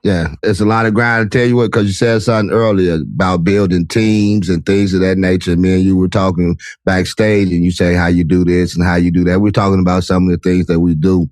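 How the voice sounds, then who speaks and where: A man's voice: sits low, level tone, a little fast, few pauses, darkish tone, no room sound. A man hosting a podcast interview, talking in an emphatic, motivational way. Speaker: podcast host. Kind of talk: casual interview chat.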